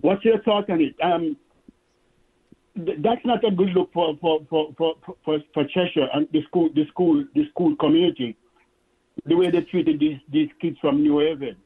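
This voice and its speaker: A male caller on a radio talk show who speaks haltingly, tripping over repeated words. His somewhat husky voice comes through a narrow, tinny phone line. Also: a little high.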